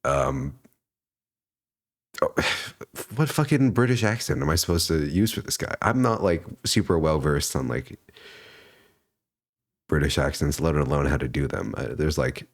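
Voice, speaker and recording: A male streamer riffing through a let's-play with a deep, low-pitched voice. He is blunt and profane and keeps a joking tone, and his pitch swings around animatedly. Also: lively intonation, unhurried, long pauses. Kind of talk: casual let's-play commentary.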